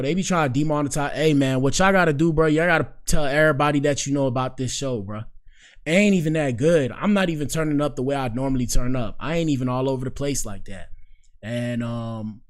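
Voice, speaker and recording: A man's voice: medium pitch, fast. A young man hosting a casual live-stream show, talking in loose slang and reacting aloud to clips and his screen. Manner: slangy, animated, talks back to the screen. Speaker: show host.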